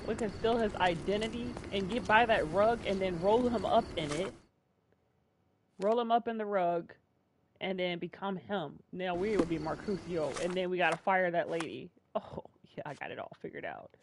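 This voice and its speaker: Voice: mid-range voice, moderate pace, noisy background. Joking let's play commentator. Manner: joking, chatty. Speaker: game streamer.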